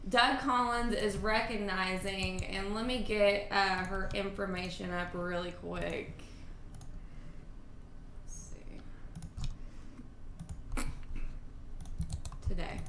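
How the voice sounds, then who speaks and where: Woman co-host, sharp bright voice, echoey studio, faint hum. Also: mid-range voice. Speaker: morning show co-host. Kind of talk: casual talk show chat.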